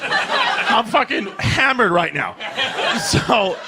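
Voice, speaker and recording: A male stand-up comedian in a comedy club, telling stories in a loud, rowdy, profane way on a stage mic. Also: sits high, wildly swooping pitch, very slow, a loud crowd, very noisy.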